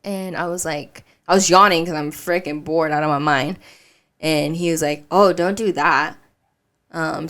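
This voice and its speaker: A young woman co-hosting a podcast, telling stories in casual chat with frequent laughter. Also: fairly low pitch. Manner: animated storytelling with frequent laughs. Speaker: podcast co-host.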